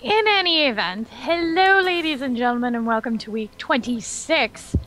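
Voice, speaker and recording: A woman's voice: high-pitched, lively intonation, normal speed, a bit bright, poor audio. A woman hosting a developer livestream as community manager, chatty and upbeat. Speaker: community manager and stream host. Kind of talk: casual livestream chat.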